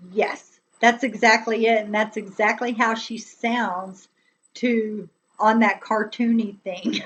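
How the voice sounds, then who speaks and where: A woman's voice: a little high, rough recording. A woman chatting on a live stream, rambling and laughing often as she talks to her viewers. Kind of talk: casual political chat on a live stream.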